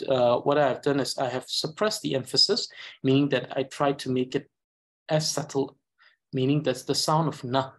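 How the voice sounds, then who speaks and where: A man with a Tibetan accent teaching a language reading lesson, talking slowly and carefully with frequent hesitations. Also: mid-range voice, slightly rough. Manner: slow, careful, hesitant with many uhs. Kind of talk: slow reading lesson with explanation.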